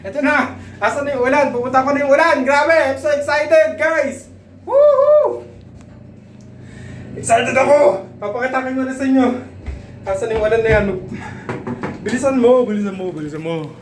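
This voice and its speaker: A Filipino man vlogging outdoors on a handheld phone, excitable and whooping often. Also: very high voice, quick pace. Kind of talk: excited casual vlog. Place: outdoors in rain and wind. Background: faint wind and rain.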